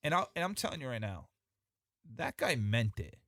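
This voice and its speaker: Man, podcast guest, casual storytelling, animated, profane, lots of restarts, mid pitch, dry sound. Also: moderate pace, no echo.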